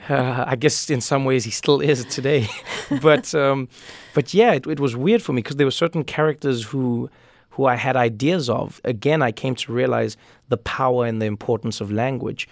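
A man from Africa, talking as an interview guest and telling stories in animated, quick bursts. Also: mid-range voice, vocal fry, no room sound. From South Africa. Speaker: guest author. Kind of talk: conversational interview.

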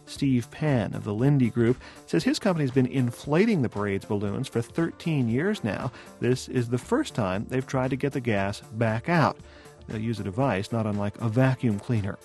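A man filing a scripted radio news report in an even, steady delivery. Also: medium pitch, normal speed, faint music behind.

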